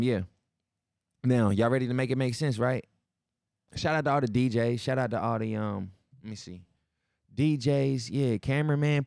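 In a studio-quality recording with no room sound, a man hosts a solo podcast. His mid-range voice is a little mellow with vocal fry, and he tells stories loosely, swearing, using slang, and voicing the characters himself.

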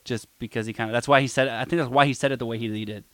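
Man, mid-range voice, dry close sound, relaxed swearing streamer co-host in casual chat. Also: mid-range voice, rapid-fire, no room sound. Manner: relaxed, profane, acts out quotes.

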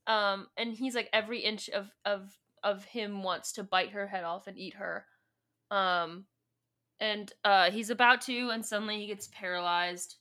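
A woman's voice: mid-range voice, steady tone, a little slow, pushed and bright. A woman co-hosting a podcast, casually recapping and reading from a book, rambling and joking as she retells scenes. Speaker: podcast co-host.

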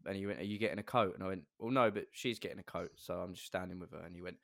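A man's voice: low voice, rapid-fire, gravelly, no room sound, studio quality. A young man, a podcast co-host telling a rambling anecdote in casual chat. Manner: rambling, animated anecdote with quoted voices.

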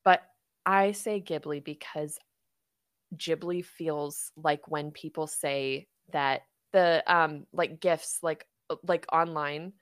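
A woman with a low voice hosts a podcast in loose, friendly conversation. She rambles through fillers and breaks into laughter often. Her voice sits close and dry, with no room around it. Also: fairly even intonation, slow pace, clear, resonant tone, no echo. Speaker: podcast host. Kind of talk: casual podcast chat.

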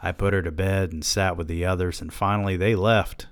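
Deep-voiced man reading aloud deadpan. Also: brisk, clear, resonant tone, dry recording. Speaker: podcast host reading a novel aloud. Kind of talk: audiobook-style reading.

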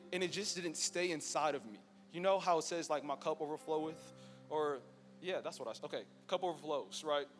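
A man's voice: on the high side, fairly bright tone. Young man sharing testimony in a church hall. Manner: casual, storytelling, joking with the crowd. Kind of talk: personal testimony to a live audience. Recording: long reverb in a church hall with faint music.

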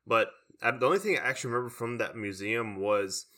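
A man's voice: mid-range voice, fast, bright, forceful tone. A young man chatting casually, rambling with lots of "like" fillers. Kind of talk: casual chat.

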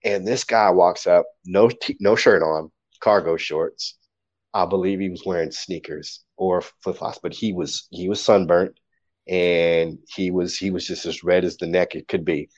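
A man, a poet, telling stories casually in an interview, animated and acting out quotes. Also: sits low, measured pace, highs cut off.

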